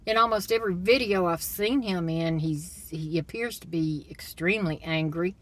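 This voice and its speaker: A woman's voice: on the low side, animated, normal speed, fairly bright tone. Blunt, opinionated woman retelling a story. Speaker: commentator. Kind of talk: casual opinion monologue.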